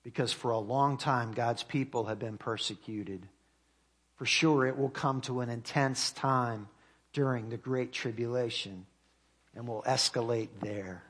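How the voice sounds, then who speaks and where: Male pastor, earnest sermon delivery, mid-pitched voice, reads verses with lifted emphasis and lets phrases fall soft. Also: breathy edge. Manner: earnest preaching, reads scripture aloud with rising emphasis; slows and drops to quiet at phrase ends.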